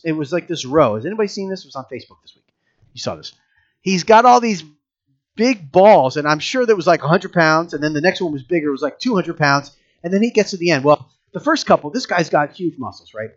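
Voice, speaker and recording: Animated high-voiced male preacher. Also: dull audio. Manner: animated, conversational preaching with audience questions. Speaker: pastor. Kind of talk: sermon.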